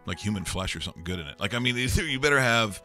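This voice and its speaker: A man's voice: lowish voice, lively intonation, racing, bright, forceful tone, soft background music. A man co-hosting a sports talk show, bantering and joking casually.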